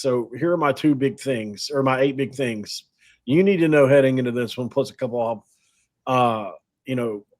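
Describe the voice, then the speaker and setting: A man hosting a sports podcast, talking casually and in a rambling, self-deprecating way with frequent laughs. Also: mid-range voice. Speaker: podcast host.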